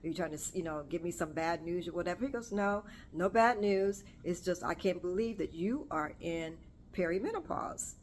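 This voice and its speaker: Host, woman, 40s, low-pitched, chatty solo vlog, meandering and self-correcting, faint room noise. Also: lively intonation, fairly quick, a little mellow. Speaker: podcast host. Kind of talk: casual solo talk to camera. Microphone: camera or phone on self.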